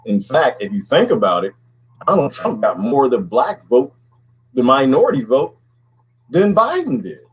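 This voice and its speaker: Animated husky man. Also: mid-range voice, normal speed, low-quality recording. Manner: animated, folksy, laughs often, rhetorical questions. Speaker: podcast host. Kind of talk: casual talk to viewers.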